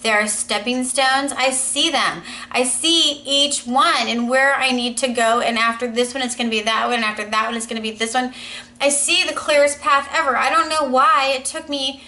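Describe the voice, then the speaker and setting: Earnest, bright-voiced woman in her thirties. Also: high voice, normal speed, rough recording. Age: 30s. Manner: earnest, rambling, many "you know" fillers. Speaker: vlogger. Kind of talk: casual personal vlog monologue.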